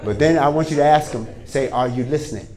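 A man preaching a sermon to a congregation in a church, moving from quiet prayer to energetic storytelling. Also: medium pitch, fast, crowd noise. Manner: starts with hushed prayer, then lively storytelling with voiced characters. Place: church hall before a congregation.

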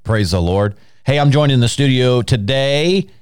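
A man's voice: medium pitch, normal speed, smooth, no echo. A man hosting a Christian podcast in a studio, chatting casually, laughing often and sprinkling in praise exclamations. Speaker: podcast host.

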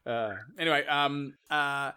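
As a podcast host, a man casually retells an old myth in a laid-back way, swearing freely, laughing often, and putting on mocking voices. His voice is on the high side, steady and a little slow, with a pushed, bright, clean tone.

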